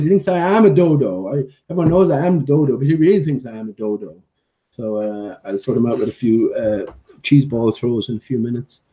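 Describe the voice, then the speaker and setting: A man's voice: medium pitch, a little fast, warm tone. A man chatting casually in a vlog, rambling with many fillers and restarts and playfully scolding his dog between thoughts. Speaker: vlogger.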